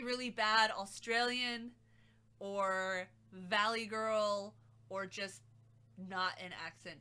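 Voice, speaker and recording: Bright-voiced woman streamer, sarcastic and rambling. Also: mid-range voice, slight background noise. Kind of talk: casual live-stream chat.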